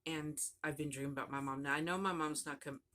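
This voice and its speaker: A woman's voice: deep voice, fairly even intonation, quick pace, bright, forceful tone. A woman vlogging casually about her crochet project, rambling and chatty, often trailing off and starting over. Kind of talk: casual chat to camera.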